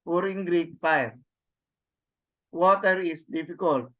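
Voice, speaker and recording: A man with a Filipino accent teaching a Greek class, halting and repeating words, often adding a questioning "no?". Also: fairly high pitch, a bit bright. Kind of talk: classroom lecture.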